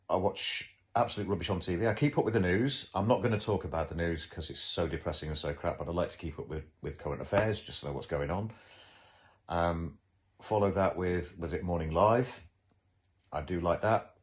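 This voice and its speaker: A man hosting a podcast, chatting casually in a wry, joking, self-deprecating way. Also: deep voice. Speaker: podcast host. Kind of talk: casual chat.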